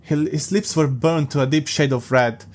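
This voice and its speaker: A man's voice: a little high, normal speed. A man hosting a podcast, reading a story aloud and breaking off for amused, sarcastic commentary. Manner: amused, sarcastic asides, laughs often. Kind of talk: casual reading with mocking commentary.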